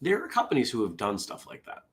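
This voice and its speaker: A man's voice: mid-range voice, huge pitch swings, quick pace. A man hosting a casual solo morning show. He rambles, interrupts himself, and drifts into side stories between the jokes he reads aloud.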